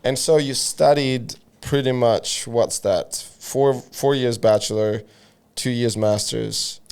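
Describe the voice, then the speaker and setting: A man's voice: mid-range voice, slow pace, a little mellow, smooth. A man hosting a casual podcast interview, joking and laughing often, with slightly non-native phrasing. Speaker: podcast host. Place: Bali.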